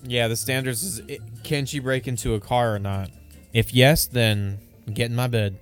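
A man's voice: medium pitch, steady tone, normal speed, soft background music. A young man co-hosting a podcast, rambling loosely through crude casual stories. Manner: rambling, loose, lots of filler words. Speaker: podcast co-host.

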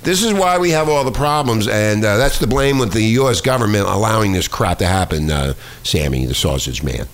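A man's voice: on the low side, expressive, fairly quick, hardly any pauses. A man hosting a talk show, ranting and swearing as he reads news stories aloud, often stumbling over words and names. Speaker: show host. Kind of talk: profane talk-radio rant reading news aloud.

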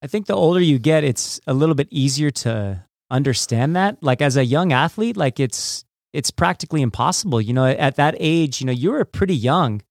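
A man's voice: a little high, no room sound, clean studio sound. A man, a former judo athlete, hosting an interview in a casual way with many fillers. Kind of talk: podcast interview.

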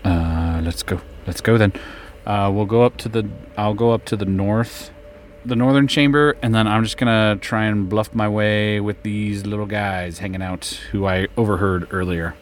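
A man playing a tabletop game, talking in an animated way and laughing often. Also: fairly low pitch, normal speed, soft background music. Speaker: player.

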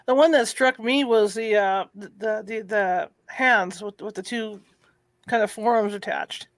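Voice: medium pitch, unhurried, no room sound. An interviewer who asks questions casually, often stumbling and repeating words, with frequent murmured agreement.

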